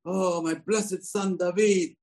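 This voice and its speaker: A man's voice: high-pitched, steady tone, vocal fry, darkish tone, voice pushed up, heavily acted. A man voicing a sentimental, fawning king who calls out tenderly to a young man, told as part of a lesson. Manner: sweet, drawn-out, mock-tender.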